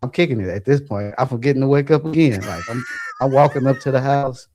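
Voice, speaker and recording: Animated laughing man telling a story. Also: medium pitch, fast talker, a little hiss or hum. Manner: animated, laughing, acts out quotes. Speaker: podcast co-host. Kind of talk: casual storytelling.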